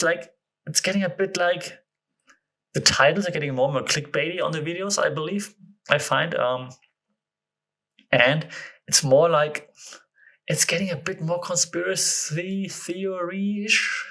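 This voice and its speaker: A man's voice: on the high side, bright, forceful tone. A man hosting his own podcast, chatting casually and thinking aloud in a loose, rambling way. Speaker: podcast host. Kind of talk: casual solo podcast chat.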